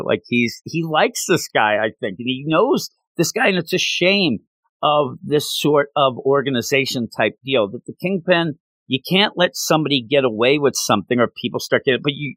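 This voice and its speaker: A man gives a casual, rambling recap of a comic book story, clearly excited about it. His voice sits at an ordinary middle pitch. The recording is close and dry, with no room sound. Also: no echo, poor audio. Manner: enthusiastic, rambling retelling.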